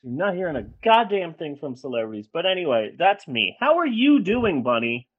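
Animated woman ranting on a podcast. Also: low voice, a little fast, phone-quality sound. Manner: angry, profane ranting. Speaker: podcast co-host. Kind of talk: casual podcast rant.

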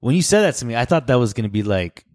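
Animated, laughing male podcast co-host. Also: quick pace, no room sound, clean studio sound. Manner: laughs often, jokey, animated swoops up in pitch. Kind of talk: casual chat.

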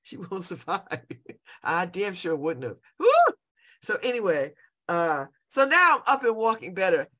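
A woman's voice: fairly low pitch, sing-song, normal speed, bright, forceful tone. A woman in her fifties hosting a show, chatting casually and rambling, often laughing and repeating herself. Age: 50s. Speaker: show host. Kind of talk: casual personal chat.

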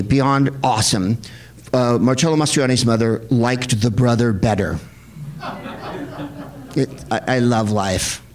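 A man hosting a film screening, talking to a live audience in a rambling, sardonic, profane comic style. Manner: rambling, sardonic, profane, with sudden high-pitched put-on voices.

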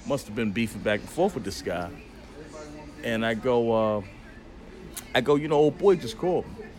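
A man appearing as a podcast guest tells a personal story in a casual, profane way, animatedly acting out the dialogue. His voice is mid-range and his pace moderate.

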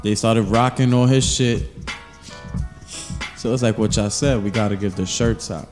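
A man's voice: fairly low pitch, moderate pace, big-room sound, music in the background. A man co-hosting a podcast, joking and telling stories in casual banter. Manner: joking, animated storytelling. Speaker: podcast co-host.

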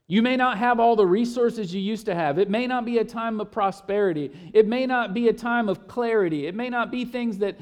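A pastor preaching a sermon, stacking phrases in repeated lists and dropping to a hush when quoting scripture. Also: male voice, high-pitched, fairly quick, few pauses. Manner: repeats words and builds emphasis in lists.

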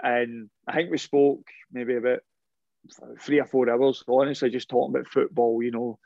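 A man's voice: medium pitch, normal speed, creaky, dry recording. A middle-aged man recounts his playing days in a loose, rambling way, doubling back on his words as he goes. The sound is dry and close with a slightly muffled, dull top end. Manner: rambling, animated anecdotes with repeated restarts. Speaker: former professional footballer. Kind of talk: casual interview storytelling.

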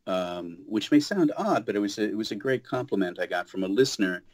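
Male voice actor, low voice, casual chatty guest, restarts often. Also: fairly quick. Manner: animated storyteller, many restarts. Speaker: voice actor and audiobook narrator, guest. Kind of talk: casual interview chat. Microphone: home studio booth.

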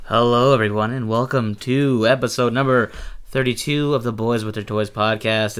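A man's voice: medium pitch, fairly even intonation, a bit bright, clear, resonant tone. A young man hosting a casual podcast, swearing freely and telling stories with a laugh. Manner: profane, storytelling, quick to laugh. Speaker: podcast host.

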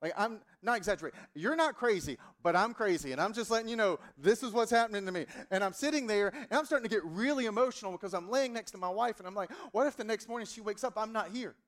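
A man's voice: lively intonation, fast, hardly any pauses, a bit bright. A man in his thirties preaching a sermon, telling a personal story with emphatic, rising delivery. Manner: storytelling, emphatic, rises in pitch and volume when fervent. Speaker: pastor.

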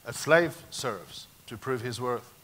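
A man pastor preaching a sermon, emphatic and animated, moving sharply between loud and quiet passages. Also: mid-range voice, takes it slowly.

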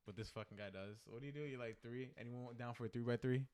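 A man's voice: mid-range voice, darkish tone, clear, resonant tone. A man in his twenties co-hosting a podcast, joking and swearing in casual chat. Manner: quick, joking, profane. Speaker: podcast co-host.

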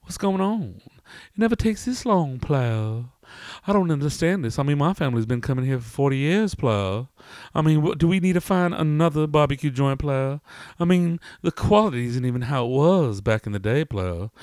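A man's voice: fairly high pitch, a little mellow, no room sound, studio quality, pitched above the performer's own voice. A man voicing a skinny, dapper customer at a barbecue joint who is brash and mouthy and calls everyone player. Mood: complaining.

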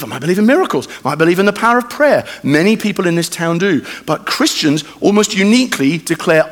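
Brief: male preacher, animated and conversational, slightly high voice, long church-hall echo. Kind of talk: sermon.

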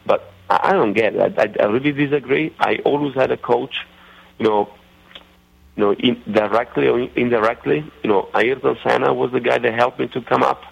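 A man with an Italian accent, a racing driver guest on a radio interview, talking haltingly with many fillers and restarts. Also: medium pitch, vocal fry, husky. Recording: dull lo-fi radio audio.

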